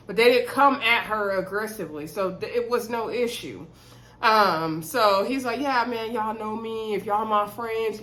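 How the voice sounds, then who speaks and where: A woman's voice: medium pitch, normal speed, fairly bright tone, low-quality recording. A woman casually recapping a reality TV episode to camera, retelling the scenes and acting out the cast's lines while talking to her viewers as "y'all".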